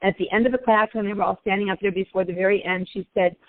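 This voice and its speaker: A woman's voice: medium pitch, fairly even intonation, fast. An older woman, a grandmother, calling in to a group session and telling a long personal story in a chatty, earnest way. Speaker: caller. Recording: tinny phone line.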